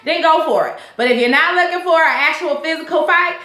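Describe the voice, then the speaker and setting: High bright woman ranting bout a tv episode, cussing and cracking up, echoey room. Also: fairly quick. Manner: laughs a lot, profane and animated. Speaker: host of a TV recap show. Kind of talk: casual TV episode recap.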